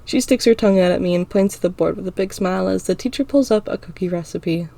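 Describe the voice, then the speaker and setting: A woman's voice: medium pitch, fast, creaky, warm tone. A woman reading a first-person story aloud as an audiobook in a casual, unpolished way. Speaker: audiobook narrator.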